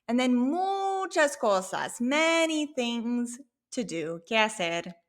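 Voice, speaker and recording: A woman teaching a Spanish lesson, explaining a sample dialogue clearly and patiently. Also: fairly high pitch, big pitch swings. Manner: clear, patient, slow when modeling Spanish phrases.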